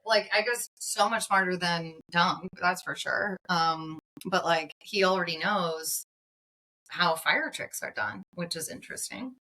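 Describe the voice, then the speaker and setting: Podcast co-host, woman, lower-pitched, bright and forceful tone, animated retelling. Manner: animated, quick retellings of scenes with lots of fillers. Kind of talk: casual chat recapping a TV episode.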